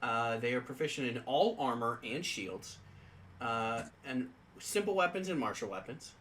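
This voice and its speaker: A man's voice: mid-range voice, lively intonation, normal speed, fairly bright tone, a little hiss or hum, low-quality recording. A man co-hosting a casual tabletop game podcast, reading rules aloud and chatting with many fillers. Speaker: podcast co-host.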